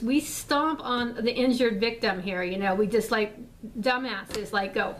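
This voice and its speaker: A woman's voice: fairly high pitch, expressive, moderate pace, a bit bright, a little hiss or hum. A woman vlogger ranting casually to her viewers, rambling and exasperated, with frequent swearing and fillers. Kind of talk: casual rant to camera.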